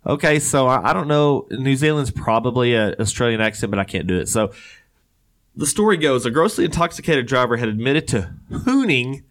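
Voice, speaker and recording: A man's voice: mid-range voice, animated, fairly quick, a bit bright. Guy hosting a chatty show, reads weird news, cracks jokes, medium voice. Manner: joking, laughs often, rambling asides. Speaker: podcast co-host. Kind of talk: casual chat reading news stories.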